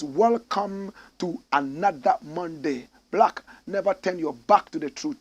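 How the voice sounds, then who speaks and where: Ghanaian man, middle-aged show host, gravelly, husky, slightly raised pitch, impassioned. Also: a little slow, hardly any pauses. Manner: impassioned, swings between loud declarations and sighing asides. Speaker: show host reading viewer comments. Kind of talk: live commentary show.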